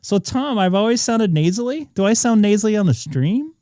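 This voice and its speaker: A man hosting a ham radio live stream, chatting casually and doing radio checks, with a somewhat nasal voice and an animated, mock-offended manner. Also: sits high, brisk, no room sound.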